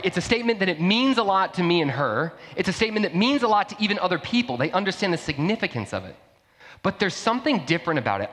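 A young man preaches to his congregation in a casual, energetic way, and his voice drops to a hushed, earnest tone for prayer. His voice sits a little on the high side. The sound carries the long reverb of a large church hall. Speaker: pastor. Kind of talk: sermon. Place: church auditorium.

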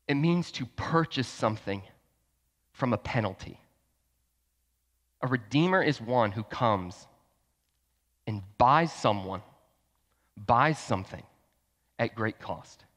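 A man's voice: a little high, a bit bright. Man preaching in a reverberant hall. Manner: emphatic, conversational preaching with rhetorical questions. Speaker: pastor. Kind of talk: sermon. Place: church hall.

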